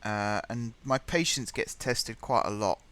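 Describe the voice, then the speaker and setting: Low-voiced man muttering through gameplay. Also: measured pace, fairly bright tone. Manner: mutters and thinks aloud, easily exasperated. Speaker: live streamer. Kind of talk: live gameplay commentary.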